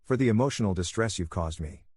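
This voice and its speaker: Bitter young ex-fiancée, read by a man, low husky voice, dry close sound. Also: expressive, fast, a little mellow, dry recording. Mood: cold.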